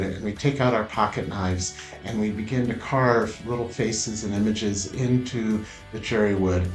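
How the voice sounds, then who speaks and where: Man telling a story in a roomy echo. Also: fairly low pitch. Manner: unhurried with frequent "uh" pauses. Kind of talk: personal storytelling. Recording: roomy echo, faint music.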